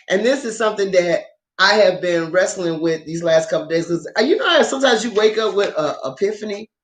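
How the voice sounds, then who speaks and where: A woman chatting casually to her viewers about dramas she has watched, swearing freely and laughing often. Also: medium pitch. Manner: profane, excitable, laughs often. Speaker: drama review vlogger. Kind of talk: casual unscripted chat to viewers. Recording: roomy echo.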